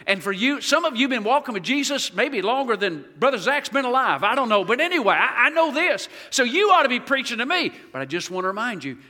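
Preaching as a guest pastor, a man leads the congregation through call-and-response in a church sanctuary. His very high, sharp voice swings widely in pitch and moves quickly with few pauses, echoing with long hall reverb.

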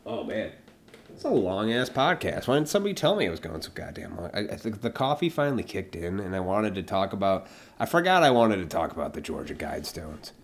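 A deep-voiced man with big pitch swings rants on his solo podcast at a slightly quick pace, with slight background noise. He swears a great deal and acts out, mockingly, the imagined people he's arguing with.

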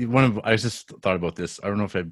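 A man's voice: fairly low pitch, quick pace, no room sound. An Australian man co-hosting a movie podcast, rambling and self-deprecating in casual chat. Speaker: podcast co-host.

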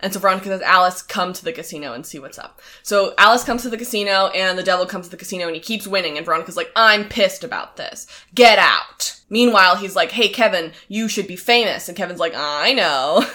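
A bright, crisp-toned woman talks through a show's plot at a brisk, chatty clip. She co-hosts a casual podcast and slips into quick deadpan voices for the characters. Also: mid-range voice. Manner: quick, chatty plot summary with flat quoted lines. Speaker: podcast co-host. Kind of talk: casual recap chat.

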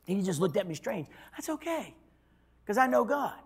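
A man preaching a sermon as pastor, telling a story and swinging from loud declarations to hushed tones. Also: sits high, very animated, moderate pace, breathy edge.

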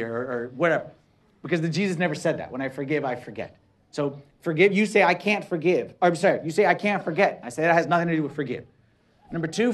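A priest giving a sermon in a conversational way, dropping to quiet asides and building to emphatic, repeated points. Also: male voice, a little high. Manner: conversational preaching, swinging between soft asides and rising emphatic repetition.

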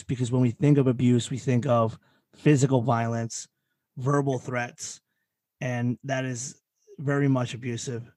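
Casting man, mid pitch, reflective host, stumbles and restarts, dry sound. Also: darkish tone, no echo. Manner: thoughtful, halting restarts, casual swearing. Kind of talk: casual chat.

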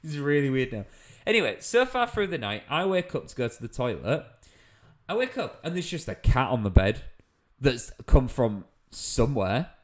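A man's voice: mid-range voice, very animated, moderate pace. A young British man, a comedian, telling a funny anecdote in casual chat, laughing as he goes. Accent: British English. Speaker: comedian guest.

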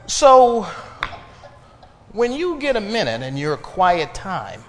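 A male pastor preaching a sermon to his congregation, building emphasis and pausing for responses. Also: high-pitched, very animated, a bit bright, big-room sound, faint music behind. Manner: preaching with rising emphasis and call-and-response pauses. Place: church sanctuary.

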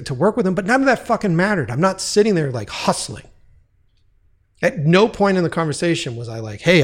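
A man telling a long casual story, profane and rambling, with frequent restarts. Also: on the high side.

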